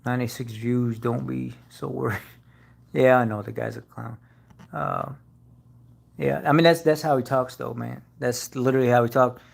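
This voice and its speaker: A man's voice: medium pitch, fairly even intonation, moderate pace, vocal fry. A man hosting a casual car-channel live stream, rambling with fillers and restarts.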